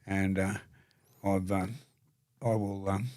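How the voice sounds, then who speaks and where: Older Australian male guest; earnest, stumbling storyteller, low voice, dry sound. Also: level tone, a little mellow, no echo. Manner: halting, repeats words, gravely earnest. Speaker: podcast guest. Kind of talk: storytelling conversation.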